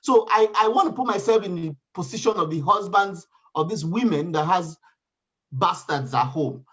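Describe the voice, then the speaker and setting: Man, panel guest, animated storyteller, fairly high voice, dull lo-fi recording. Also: moderate pace, husky. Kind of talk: casual panel chat, personal story. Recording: dull lo-fi sound.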